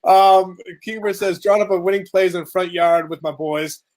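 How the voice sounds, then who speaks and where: Upbeat high-voiced man reading comments. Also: steady tone, moderate pace, darkish tone. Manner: upbeat, reads out viewer comments. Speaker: podcast co-host. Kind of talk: casual chat.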